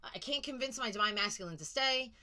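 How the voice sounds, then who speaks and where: Whiny frustrated karmic lover, put on by a lady reader, bright and a bit high. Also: expressive, brisk.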